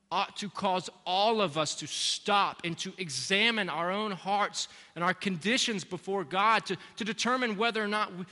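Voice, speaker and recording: A man's voice: high-pitched, sharp tone. Preaching man in a reverberant church. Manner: earnest preaching, repeats key phrases for emphasis. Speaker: pastor. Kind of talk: sermon. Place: church sanctuary. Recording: long reverb of a large hall.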